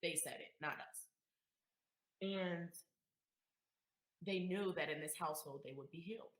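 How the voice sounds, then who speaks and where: A woman from Queens, New York, telling a heartfelt personal story as an interview guest, emotional and emphatic, swinging between loud and hushed. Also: fairly low pitch, a little slow, echoey room, rough recording. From Queens, New York, USA. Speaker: guest, community activist.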